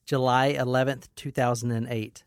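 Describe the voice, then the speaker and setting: Low-voiced woman hosting a true crime chat. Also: little pitch movement, normal speed, no echo, studio quality. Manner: blunt, jokey, laughs often. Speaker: podcast host presenting a true crime case.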